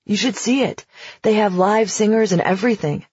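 A woman voicing a teasing, dramatic teenage boy in an audiobook, in a slightly husky voice. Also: medium pitch, normal speed, darkish tone, dry recording. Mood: joking. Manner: wry, teasing. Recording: dull, lo-fi.

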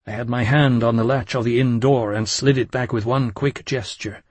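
A man reading a first-person story aloud with intensity and emotion, sometimes dropping to a hushed tone. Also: mid-range voice, fairly even intonation, moderate pace, breathy edge, no echo. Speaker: audiobook narrator. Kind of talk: dramatic first-person audiobook narration.

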